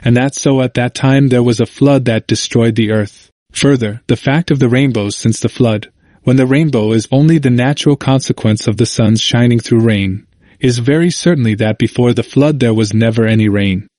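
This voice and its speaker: A man reading scripture and a Bible commentary aloud, with slow, deliberate phrasing broken into short clauses. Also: mid-range voice, darkish tone, no echo, clean studio sound.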